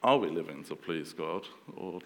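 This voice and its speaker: A man in his thirties preaching a sermon in a relaxed, conversational way, with fillers and restarts. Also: deep voice, moderate pace, in a large hall.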